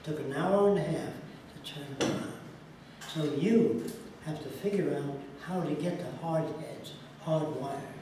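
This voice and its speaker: Brief: plainspoken storyteller man, fairly high voice, distant mic in a roomy space. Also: measured pace, background noise. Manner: plainspoken, punchy, acts out the people he quotes. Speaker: speaker answering a question. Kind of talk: anecdotal storytelling. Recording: echoey room, far from mic.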